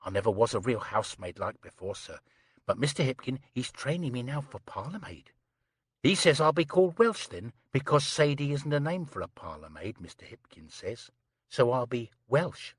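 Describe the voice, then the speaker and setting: A man's voice: mid-range voice, very animated, normal speed, breathy edge, no echo. A man voicing a chatty, prim young housemaid who rattles on breathlessly, saying "sir" constantly. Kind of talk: audiobook character reading.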